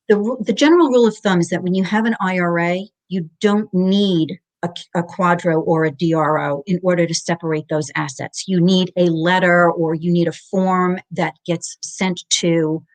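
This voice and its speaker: A woman's voice: lowish voice, moderate pace. A middle-aged woman, a guest in an interview, explaining divorce finances methodically and spelling out jargon step by step.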